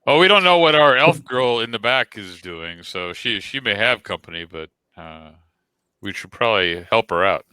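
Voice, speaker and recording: A man's voice: lowish voice, lively intonation, normal speed, pushed and bright, clear, resonant tone, dry recording. A man playing a tabletop game, talking hesitantly with stammering restarts. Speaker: player. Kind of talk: casual tabletop play.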